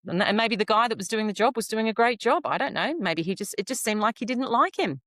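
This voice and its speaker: A woman's voice: on the high side, fast talker, a bit bright, no room sound. A woman co-hosting a podcast, speaking in a reflective, casual way and acting out her own past reactions. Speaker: podcast co-host. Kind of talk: casual conversational chat.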